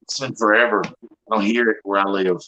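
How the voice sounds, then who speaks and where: A man's voice: on the low side, fairly even intonation, fairly quick, sharp tone, dull audio, a little hiss or hum. A man with a Southern accent chatting casually on a group livestream, rambling and folksy, swearing freely.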